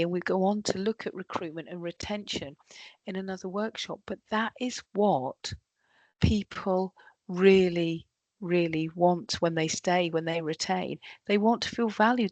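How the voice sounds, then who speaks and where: A workshop trainer with a medium-pitched voice gives a lively talk on leadership, frequently acting out what her colleagues say. The recording is dry.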